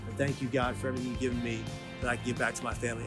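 A man's voice: medium pitch, flat delivery, racing, over loud music. A man in his thirties talking earnestly and emotionally in a personal vlog, heartfelt and confessional. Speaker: vlogger.

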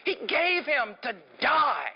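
A middle-aged male preacher with a high voice, delivering an impassioned sermon. He swings from hushed, low lines to ringing shouts. The recording is dull and lo-fi. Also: sing-song, takes it slowly, creaky.

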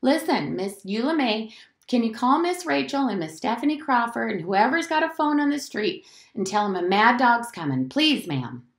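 A firm, scolding housekeeper from the South with a loud, lively voice, as a woman reads her aloud. She barks orders with a dialect drawl, and the roomy echo of a classroom hangs around her. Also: fairly high pitch, moderate pace, pitched above the performer's own voice. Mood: urgent.

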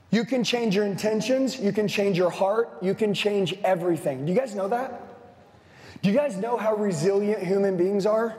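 A man's voice: high-pitched, a little mellow, long reverb tail. A man in his forties, a sales trainer giving an intense, blunt motivational speech to a live audience, swearing and hammering repeated lines. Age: 40s.

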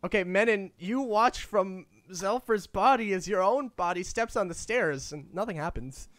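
A young man with a fairly high voice runs a tabletop game, loose and chatty, often breaking into laughter. The sound is dry and close, with little room around it. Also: moderate pace, a bit bright, dry recording. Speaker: game master.

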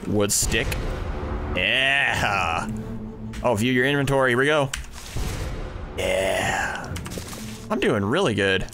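Young male gamer, animated pitch swings, thinks aloud, loud exclaims, desk mic. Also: slow pace, long pauses, music in the background. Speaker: gaming YouTuber. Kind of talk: let's play commentary.

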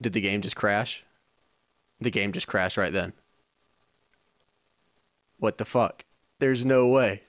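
In a fairly low voice, slow and with long pauses, a gaming YouTuber gives loose let's-play commentary, swearing and trash-talking the characters on screen. There is no room sound at all.

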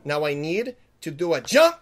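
Frantic high-voiced gamer man yelling. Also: sing-song, moderate pace. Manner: panicky, swearing, pleading, yelling. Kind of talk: let's play commentary.

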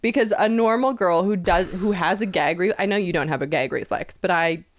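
A woman's voice: lowish voice, a little fast, no echo, clean studio sound. A woman co-hosting a casual podcast chat, blunt and bawdy, telling stories with a laugh. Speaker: podcast co-host.

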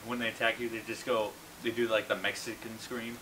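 A young man chatting during a video game, rambling and restarting as he pitches goofy ideas. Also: level tone, a little fast. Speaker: gaming commentator. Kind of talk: casual gaming chat. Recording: noisy mic.

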